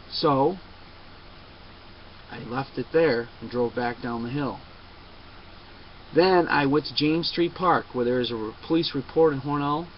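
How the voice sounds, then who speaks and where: A man telling a long personal story to a webcam, emphatic and insistent, often digressing. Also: mid-range voice. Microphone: webcam mic. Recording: dull lo-fi webcam audio with faint noise.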